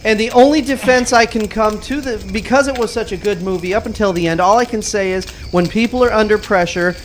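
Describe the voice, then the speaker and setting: A man's voice: high-pitched, fairly quick, slight background noise. A man co-hosting a radio show, talking in a joking, exasperated way and laughing often as he argues about a film ending. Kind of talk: casual debate chat.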